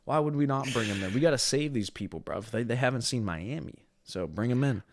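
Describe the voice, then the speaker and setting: A man's voice: medium pitch, lively intonation, brisk, no echo, clean studio sound. A man co-hosting a casual podcast, brash and hyped up, swearing freely. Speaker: podcast co-host.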